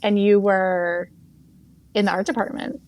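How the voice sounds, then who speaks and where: A woman's voice: mid-range voice, fairly even intonation, unhurried, darkish tone. A middle-aged woman with a Boston accent, a literary agent chatting in an interview, laughing easily and restarting her sentences often. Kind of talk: casual interview chat.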